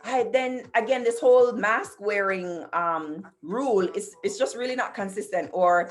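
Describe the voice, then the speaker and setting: A middle-aged woman with a mid-range voice hosts a casual talk show monologue over a video call, speaking at normal speed. She tells stories emphatically and addresses her audience directly. Her voice comes through a computer mic.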